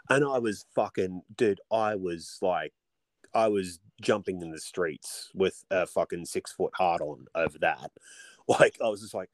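A man, co-hosting a casual movie podcast, profane and animated, often dropping into joking put-on voices. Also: fairly low pitch, normal speed, dry recording. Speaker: podcast co-host.

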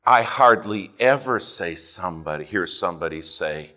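A man preaching a fervent sermon, swinging between loud emphasis and hushed asides as he tells a story. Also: deep voice, expressive, moderate pace, few pauses. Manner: storytelling with quoted dialogue.

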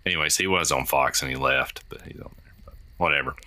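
A man co-hosting a podcast in casual chat, halting and searching for words, cracking corny jokes. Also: extremely low pitch, pushed and bright, no echo. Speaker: podcast co-host.

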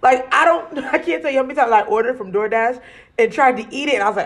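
A woman from Arizona in casual chat, telling an animated, slangy story and laughing often. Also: on the high side, fast talker.

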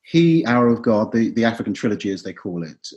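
Animated middle-aged male actor. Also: fairly low pitch, fairly quick, muffled recording. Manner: animated, theatrical storytelling. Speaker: actor and writer, podcast guest. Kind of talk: podcast discussion.

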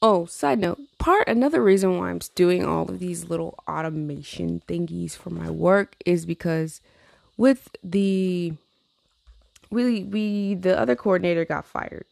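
A tired woman vents in a casual chat, blunt and profane, and rambles between laughs. Her voice sits low and has a gravelly fry. The sound is dry and close. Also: measured pace, darkish tone, dry recording. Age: adult with a teenage niece. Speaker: vlogger.

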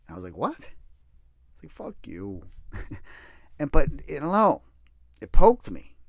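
A middle-aged man telling a personal story in a casual, blunt way, swearing and mocking himself, jumping from loud bursts to low mutters. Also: no room sound, studio quality. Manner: profane, blunt and self-deprecating.

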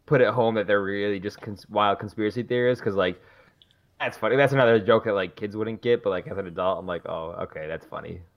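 A man's voice: on the low side, fast, muffled recording. A man co-hosting a movie podcast, joking, swearing casually and laughing. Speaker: podcast co-host. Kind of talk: casual movie recap chat.

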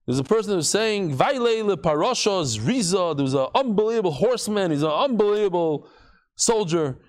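Lively, high-pitched male Talmud teacher, playing out stories in class. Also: brisk. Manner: animated, acts out quotes with shifting voices and jokes.

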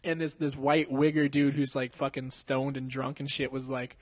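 A man's voice: medium pitch, completely flat delivery, moderate pace, few pauses, no room sound. A young man telling a long bar story on a podcast, swearing a lot and laughing as he acts out what people said. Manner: laughs often, profane, slangy, acts out quotes. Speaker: podcast host. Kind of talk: casual storytelling. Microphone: handheld mic.

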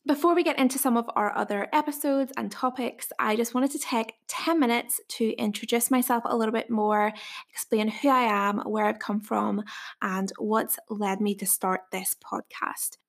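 A woman's voice: a little high, steady tone, normal speed. A woman in her twenties with a Northern Irish accent, hosting her own podcast in a chatty way and taking care to enunciate. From Northern Ireland. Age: 20s. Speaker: podcast host and dietitian. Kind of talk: casual solo podcast introduction.

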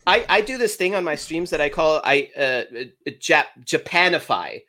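A man's voice: a little high, sing-song, normal speed, crowd noise. A man chatting playfully on a stream, laughing at his own jokes. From Germany. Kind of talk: casual chat on a stream.

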